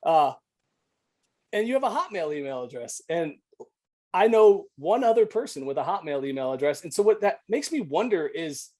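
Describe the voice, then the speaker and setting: Male podcast host, fairly high voice, friendly, playful questioner. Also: big pitch swings, normal speed, a little mellow. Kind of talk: casual interview conversation.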